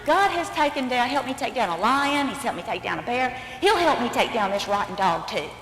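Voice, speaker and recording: A woman's voice: fairly high pitch, expressive, fairly quick, fairly bright tone, reverberant, long reverb tail, slight background noise. A woman playing a bold young shepherd boy. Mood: earnest. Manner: indignant and earnest.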